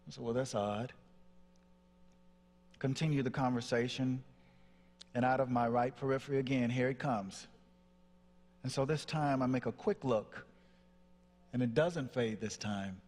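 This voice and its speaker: A man's voice: mid-range voice, fairly even intonation, unhurried, pauses often, a little mellow. A man from Nashville, Tennessee, telling a personal story on stage as a motivational speaker, acting out the voices in it. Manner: dramatic storyteller, acts out voices. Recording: long hall reverb.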